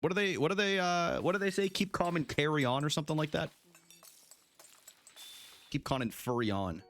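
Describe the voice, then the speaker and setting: This young adult man's voice sits on the high side and moves at a quick pace. Streaming a game live, he swears, cracks jokes, and keeps up lively, casual banter with the people watching.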